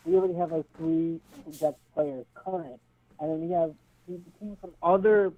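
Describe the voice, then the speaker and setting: Hoarse man on a tinny phone line. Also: a little high, moderate pace, no echo. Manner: eager, keyed up. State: hoarse from shouting. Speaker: caller. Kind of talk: phone call to a live show.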